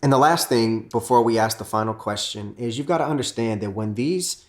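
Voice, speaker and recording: A middle-aged man and pastor teaching on marriage alongside his wife, earnest and given to acting out remembered arguments. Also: brisk. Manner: earnest, acts out quoted arguments with rising pitch.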